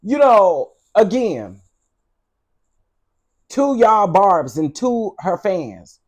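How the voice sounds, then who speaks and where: A man with a high voice that swings widely up and down, ranting to his viewers in loose, unscripted commentary. He is sassy, blunt and freely profane, and he talks straight to the audience. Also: big pitch swings, extremely slow, long pauses. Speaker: vlog host. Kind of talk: casual commentary rant.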